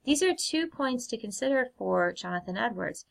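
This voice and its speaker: A female teacher delivers a recorded lecture clearly and at a measured pace, her voice a little high and animated. She frequently poses questions to her students.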